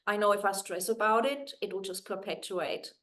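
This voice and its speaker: A woman guest on an interview, earnestly explaining sleep habits, her phrases often trailing off softly. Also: mid-range voice, moderate pace.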